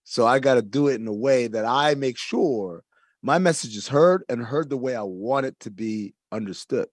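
A man's voice: mid-range voice, normal speed, no room sound. Earnest man explaining in a dry room. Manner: earnest, explanatory, uses analogies. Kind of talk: casual conversation.

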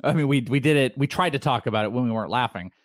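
A man co-hosting a sports talk show, laughing often and halting with fillers as he tells stories. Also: mid-range voice, no room sound, studio quality. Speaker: sports radio host. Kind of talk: casual sports talk banter.

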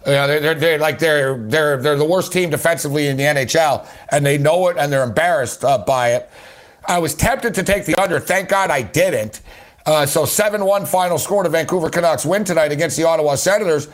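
A man's voice: on the high side, a little fast. A man hosting a sports betting show, talking casually and rambling with lots of repeated words and fillers. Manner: rambling, repeats words, says "you know" a lot.

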